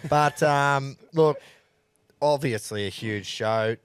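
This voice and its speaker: Aussie podcast co-host, relaxed banter, laughs easily, dry close mic. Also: male voice, mid-range voice, slow, clear, resonant tone, no room sound. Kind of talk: casual chat.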